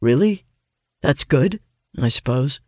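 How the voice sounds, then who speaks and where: A dour, brooding young fighter, as an audiobook reader puts him on, muttering terse and sarcastic answers in a slightly lowered voice. The read is dry and close, with no room sound. He sounds tired and unimpressed. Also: animated, slow pace, dark tone, no room sound. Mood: gruff. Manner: gruff and muttering, terse replies.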